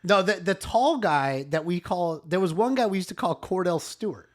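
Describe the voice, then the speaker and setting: Animated man telling old stories. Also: high voice, normal speed. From Las Vegas. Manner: animated, swearing storyteller. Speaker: podcast co-host. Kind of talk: casual storytelling chat.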